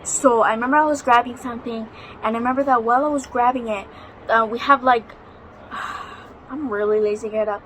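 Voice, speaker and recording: A woman's voice: a little high, fairly even intonation, a little fast, fairly bright tone, a little hiss or hum, poor audio. A young woman vlogging at home, telling a ghost story in a chatty, dramatic way and swearing freely. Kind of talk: casual storytelling vlog. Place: home, near a balcony.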